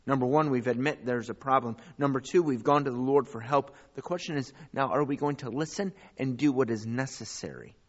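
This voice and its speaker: A man preaching a sermon as pastor, rising to loud, high calls and dropping to quiet asides. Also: brisk, few pauses, dull audio. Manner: preaching with big swings in pitch and loudness.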